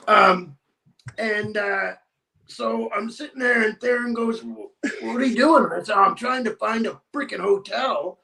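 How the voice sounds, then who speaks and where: A man tells a story in a casual interview and acts out every exchange in it. His voice sits high, bright and crackly. He sounds set back from the microphone. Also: vocal fry, recorded from a distance. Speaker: guest.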